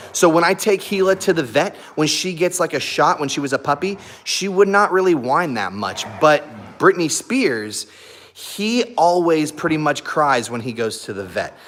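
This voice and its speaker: A man's voice: on the high side, fairly bright tone, slight background noise. A man hosting a live stream, chatting casually with viewers and laughing often while he plays with and talks to his dogs. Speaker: YouTube live stream host.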